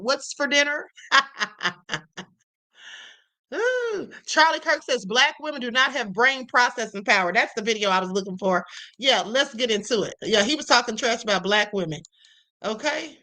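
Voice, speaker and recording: A woman's voice: high-pitched, sharp tone. A woman hosting a live stream, reacting to clips in a sassy way and calling viewers honey. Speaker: host.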